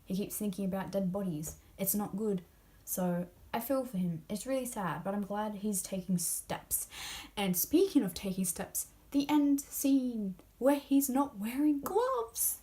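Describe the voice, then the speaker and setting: Speaking a little slowly in a dark, mid-range voice, this book vlogger animatedly raves about a favorite novel, spoilers included. She's young and casual, using lots of fillers and frequently slipping into a whisper.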